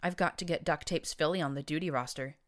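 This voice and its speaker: A woman's voice: low voice, fast, lightly acted. A woman voicing an older gray mare who runs maintenance, dry and blunt in speech. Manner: dry, blunt, matter-of-fact.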